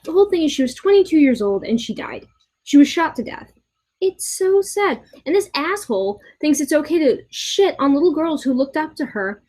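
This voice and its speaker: Young woman vlogger, fairly high voice, exasperated rant with halting restarts and swearing. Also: sing-song, a little mellow, low-quality recording. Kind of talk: ranting commentary video. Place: a room in her boyfriend's house.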